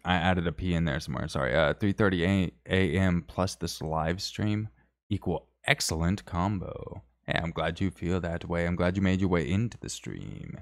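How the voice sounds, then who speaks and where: A man's voice: sits low, normal speed. A man hosting a live stream, reading viewer comments in casual, rambling chat with joking, self-deprecating asides.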